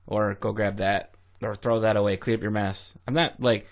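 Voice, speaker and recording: A man's voice: lowish voice, fairly even intonation, moderate pace. A man co-hosting a casual podcast, answering in a laid-back, easygoing way. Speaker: podcast co-host.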